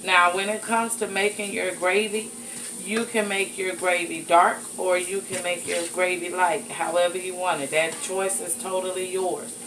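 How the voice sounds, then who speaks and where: Woman hosting a home cooking show, lowish voice, chatty, folksy, some noise behind her. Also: flat delivery, normal speed. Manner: folksy, chatty, addresses viewers as y'all and honey. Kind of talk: casual cooking demonstration. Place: home kitchen. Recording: audible background noise.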